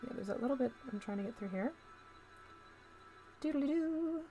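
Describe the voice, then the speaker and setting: A woman's voice: high voice, lively intonation, normal speed, warm tone, faint music behind. A woman hosting a casual live stream, chatting to viewers as she paints miniatures and talks through each step.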